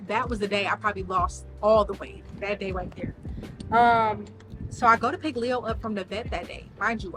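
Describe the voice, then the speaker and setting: A woman vlogger tells a story in a casual, animated way, packed with slang and swearing. Her voice is mid-range, and the recording is rough.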